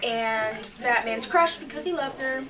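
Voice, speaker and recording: A woman's voice: a little high, a little slow, distant mic, crowd noise, rough recording. A woman co-hosting a podcast, chatting casually and emotionally about comics she has read, often restarting her sentences. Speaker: podcast co-host. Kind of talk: casual chat reviewing comics.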